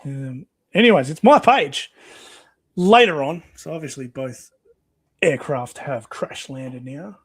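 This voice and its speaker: A man's voice: a little high, lively intonation, slow, fairly bright tone, breathy edge, dry recording. A man hosting a casual comic read-along, chatty and laughing often. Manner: chatty, laughs often, voice rises and falls a lot. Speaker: host.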